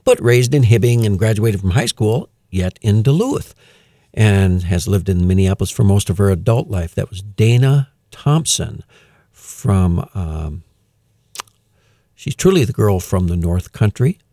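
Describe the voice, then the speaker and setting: Male radio host, low voice, mellow tone, dry close sound, relaxed and chatty, amused news reading. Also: unhurried, no room sound. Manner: relaxed and chatty, with frequent "uh" fillers and chuckles; reads news items aloud in a light, amused tone. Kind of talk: casual radio hosting with announcements.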